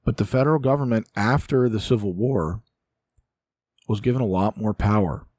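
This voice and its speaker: A man with a low-pitched voice talks straight into a close mic in a dry, dead room. He rants in an exasperated way, sighing often as he works through his points in casual solo commentary. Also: normal speed, darkish tone, no echo. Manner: exasperated, ranting, sighs often. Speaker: political commentary host.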